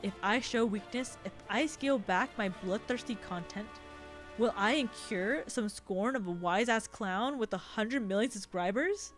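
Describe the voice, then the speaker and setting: A woman's voice: medium pitch, unhurried, soft background music, close to an everyday voice. A woman voicing a haughty, sinister female alien noble who broods over her loneliness as she reads a visual novel aloud. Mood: brooding. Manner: brooding, self-pitying monologue.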